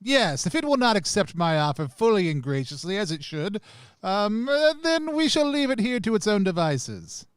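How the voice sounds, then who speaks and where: Pompous noble lady, put on by a male player, lofty and animated, trips on long words. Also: sits high, normal speed, clear, resonant tone, no room sound, pitched above the performer's own voice. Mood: haughty. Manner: grandiose, stumbles over long words. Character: pompous noble woman, a duchess.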